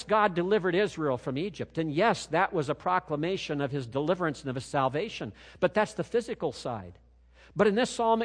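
A man's voice: high voice, long reverb tail. A man preaching a sermon as pastor, with an emphatic, rising and falling cadence.

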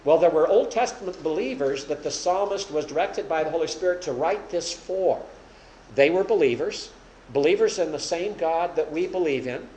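A man's voice: on the high side, darkish tone. A man teaching the Bible to a congregation, asking questions and explaining patiently. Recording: echoey room with faint hum.

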